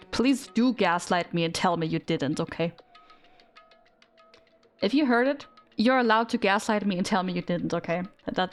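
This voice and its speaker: A young woman streamer chatting casually with her audience, giggling and rambling in a self-deprecating way. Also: mid-range voice. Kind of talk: casual live-stream chat.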